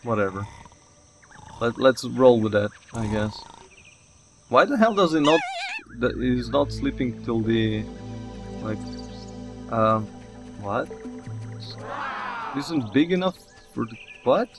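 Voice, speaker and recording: A man hosting a let's play, giving casual gameplay commentary. He gets excited, talks straight to the game characters, swears mildly and laughs at his own slips. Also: medium pitch, slow, long pauses, music in the background.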